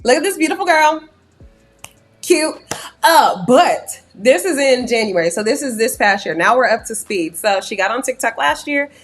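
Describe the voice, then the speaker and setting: A woman's voice: fairly high pitch, expressive, normal speed, hardly any pauses, soft background music. A woman hosting a reaction commentary, blunt and sarcastic, mocking the clips she plays. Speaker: commentary host.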